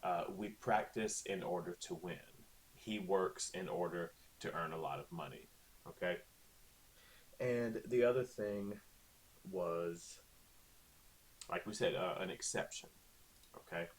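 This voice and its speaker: A man's voice: deep voice, takes it slowly, pauses often, slight background noise. A male teacher talking casually through a recorded online lesson, with lots of okays and ums. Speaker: Spanish teacher.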